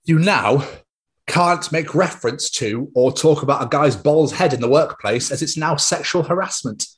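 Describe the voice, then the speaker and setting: A young man, co-hosting a podcast and telling rambling, animated stories full of swearing. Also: on the high side, normal speed. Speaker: podcast co-host. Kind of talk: casual chat.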